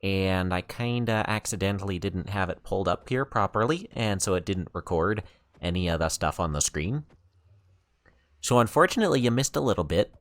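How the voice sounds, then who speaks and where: A man's voice: deep voice, animated, moderate pace. A man putting on a clumsy Canadian accent. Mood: chatty. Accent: put-on Canadian. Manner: rambling, many fillers, says "eh" and "bud". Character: exaggerated Canadian-accented male gamer. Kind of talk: let's-play commentary.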